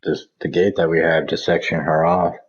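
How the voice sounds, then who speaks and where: A man's voice: rumbling low, steady tone, moderate pace, highs cut off, slight background noise. A man co-hosting a podcast, talking in a laid-back, casual way and swearing offhandedly. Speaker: podcast co-host. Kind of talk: casual chat.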